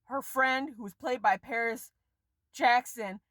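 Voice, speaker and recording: Woman vlogger ranting bout a movie, fed up + swearing, voice jumps all over, kinda high, dry close sound. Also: measured pace, a bit bright, no echo. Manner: exasperated, profane, sweeping pitch jumps. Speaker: vlogger reviewing a film. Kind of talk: casual rant to camera.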